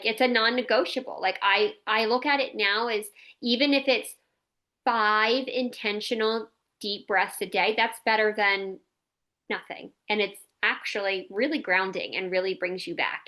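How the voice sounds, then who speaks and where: Bright, chatty woman podcast host. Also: mid-range voice, unhurried. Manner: candid, chatty, peppered with "like" and mild swearing. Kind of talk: casual podcast chat.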